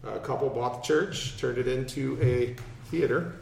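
A man's voice: medium pitch, moderate pace, creaky, a little mellow, roomy sound, recorded from a distance, slight background noise, rough recording. A man hosting a casual radio chat, rambling and self-deprecating as he tells a story. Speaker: radio show host.

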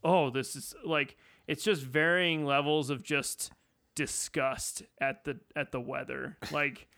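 A young man with a bright, crisp voice, chatting on a podcast from a home mic. He rambles freely and fills his talk with "like". His tone stays clean and clear. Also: a little high, steady tone, takes it slowly. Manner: rambling, leans on "like", acts out his own reactions. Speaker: podcast participant. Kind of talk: casual chat. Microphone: home mic on a remote podcast setup.

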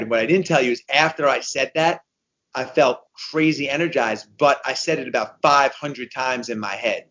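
A man of fifty-one, a guest telling a race story in casual conversation, animated and repeating himself as he goes. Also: medium pitch, a little fast, highs cut off. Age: 50s. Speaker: guest, endurance racer.

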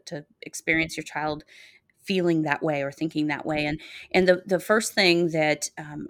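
A middle-aged woman speaks in an earnest, measured way, her voice set a little low. The sound is close and dry, with no room around it. She explains her advice carefully, pausing on fillers and restarting her phrases. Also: a bit bright, no echo. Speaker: child therapist guest. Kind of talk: podcast interview, advice.

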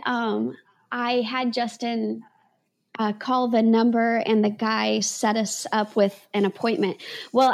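Gravelly-voiced woman telling a personal story. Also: a little high. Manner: earnest, rambling, restarts often, laughs at herself. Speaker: podcast guest, author.

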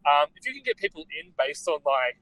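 A man's voice: a little high, sing-song, a little fast, fairly bright tone, no echo, rough recording. A man from Australia co-hosting a podcast, talking casually with frequent hesitations. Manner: hesitant, many ums and restarts. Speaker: podcast co-host.

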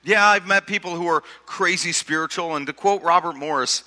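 A man's voice: a little high, normal speed, hardly any pauses, sharp tone. A male pastor preaching a sermon in a conversational way, asking rhetorical questions and often repeating his words. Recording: long hall reverb.

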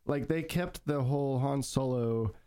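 A man's voice: medium pitch, measured pace, clean tone. A man co-hosting a podcast, chatting casually and giving firm opinions. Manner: lively, opinionated. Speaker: podcast co-host. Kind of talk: casual chat.

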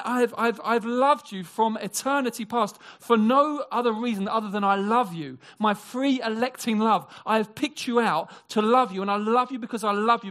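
A man preaching a sermon, animated, acting out quoted voices and dropping into hushed, near-whispered passages. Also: sits high. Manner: animated, acts out quoted voices, drops to a hush.

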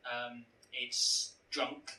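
A man's voice: medium pitch, monotone, drawn-out words, reverberant, far from the mic, very noisy. A young man telling a rambling, self-mocking comic story to friends on a podcast. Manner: rambling, self-mocking, stumbling over words for comic effect. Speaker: podcast co-host. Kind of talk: comedic storytelling among friends.

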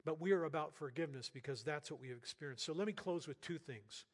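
An older man preaching a sermon as pastor in a church, talking to the congregation in an earnest, conversational way with bursts of loud emphasis. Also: a little high, fast talker. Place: church sanctuary. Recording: long hall reverb.

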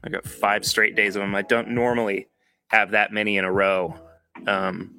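A man's voice: fairly low pitch, flat delivery, normal speed, bright, forceful tone. A man hosting a podcast, chatting casually with live viewers. He says he is tired, and he rambles and corrects himself often. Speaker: podcast host.

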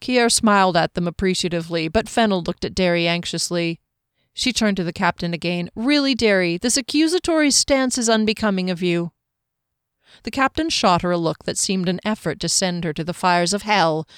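A woman's voice: lowish voice, brisk, clean tone, no room sound. Woman narrating a fantasy novel, dry close sound. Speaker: audiobook narrator.

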